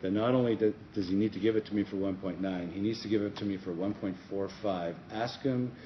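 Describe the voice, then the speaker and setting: A middle-aged pastor and conference speaker tells a story during a breakout session in a conference room, acting out the dialogue in the voices of its characters. His slightly low voice moves a little fast, and the recording is dull and lo-fi with a faint hiss.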